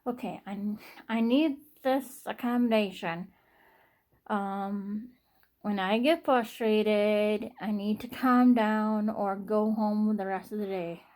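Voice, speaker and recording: A young adult woman talking to camera in a personal vlog, halting and repetitive, with frequent sighs and restarts. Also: mid-range voice, steady tone, a little mellow. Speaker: vlogger.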